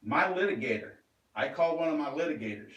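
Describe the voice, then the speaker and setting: A man talking in an agitated, rambling monologue, swearing and flaring into loud outbursts. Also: fairly high pitch, lively intonation, quick pace, far from the mic, lo-fi sound. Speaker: vlogger. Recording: roomy echo, away from the mic.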